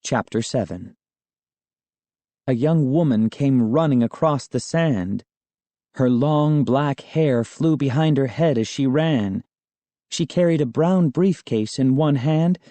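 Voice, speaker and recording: A male narrator reads a children's storybook in a calm, measured way. His voice is dark and mellow and his pace is slow, in a dry, close recording. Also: mid-range voice, no room sound. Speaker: audiobook narrator. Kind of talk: scripted first-person storybook narration.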